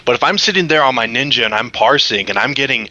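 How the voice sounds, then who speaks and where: A man with a bright, forceful voice talking bluntly on a gaming podcast. The sound is dull and lo-fi. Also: mid-range voice, lively intonation, fast talker. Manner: blunt, emphatic. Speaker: podcast co-host. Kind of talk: casual podcast chat.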